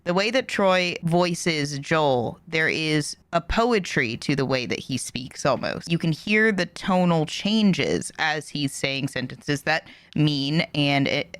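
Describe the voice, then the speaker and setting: A woman hosting a reaction video, giving animated, opinionated commentary that rises when she gets passionate. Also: low voice, no echo.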